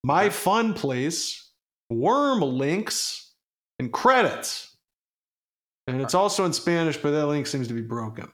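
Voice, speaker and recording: A man's voice: a little high, very animated, slow, a bit bright. A man co-hosting a podcast, chatting casually and reading aloud in a goofy, meandering way with plenty of swearing. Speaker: podcast co-host. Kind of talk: casual chat.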